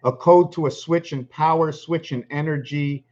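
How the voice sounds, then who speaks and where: A man's voice: a little high, steady tone, moderate pace, darkish tone, lo-fi sound. A man talking in a meandering monologue, full of ums and restarts. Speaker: channel host. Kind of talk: rambling monologue.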